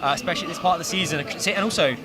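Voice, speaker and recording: A man hosting a casual football club pre-match chat, talking quickly with lots of fillers. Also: a little high, noisy background. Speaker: host.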